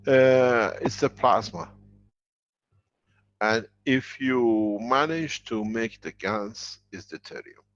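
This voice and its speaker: A man's voice: mid-range voice, slow, highs cut off. A man answering questions in a live online teaching session, explaining at length with emphatic, rambling sentences.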